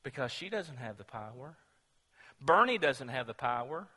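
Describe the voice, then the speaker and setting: A man preaching a sermon, building through rhetorical questions and rising to loud, emphatic declarations. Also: mid-range voice, sing-song, moderate pace, husky, long reverb tail.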